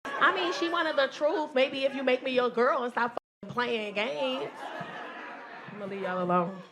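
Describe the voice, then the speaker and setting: A woman in her forties performing a loud, animated stand-up set with crowd work, telling stories to a live audience. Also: high-pitched, moderate pace, noisy background. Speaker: stand-up comedian. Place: comedy club stage with live audience. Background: audience laughter.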